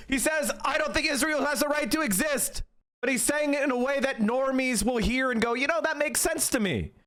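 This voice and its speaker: A man's voice: very high voice, pushed and bright. A man streaming live political commentary, heated and profane, berating his chat.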